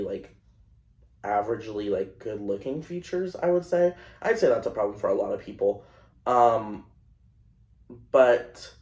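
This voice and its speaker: Young male podcast host, unhurried, echoey room, rambling and animated storytelling. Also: on the low side. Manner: animated, self-conscious storytelling with many fillers. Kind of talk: casual storytelling monologue.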